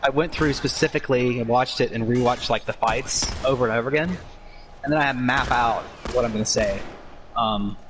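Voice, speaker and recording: A man's voice: mid-range voice, normal speed, background noise. Earnest man explaining his craft. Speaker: guest, game commentator. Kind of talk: casual podcast chat.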